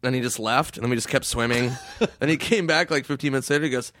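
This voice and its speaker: A man tells stories in relaxed, profane chat, laughing as he goes. His voice sits at an ordinary pitch. The sound is dry and close, with no room echo. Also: fast talker. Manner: laughs often, swears, acts out quotes in a high voice. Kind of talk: casual storytelling chat.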